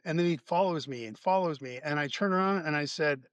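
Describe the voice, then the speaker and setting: A man's voice: fairly high pitch, a little fast, hardly any pauses, dry recording, highs cut off. A man, a podcast guest and therapist, telling stories in casual conversation, swearing freely and acting out heated arguments. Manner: profane, animated storyteller, acts out quarrels. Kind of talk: casual storytelling interview. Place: Florida.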